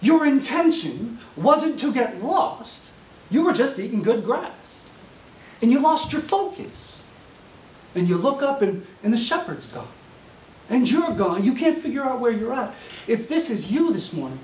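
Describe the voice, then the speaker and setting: A man delivers a sermon with animated storytelling, slipping into little voices for the people in his parable. His voice sits high and swings widely in pitch. He is recorded from a distance in an echoey classroom, with a faint hiss underneath. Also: normal speed. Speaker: preaching student. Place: university classroom.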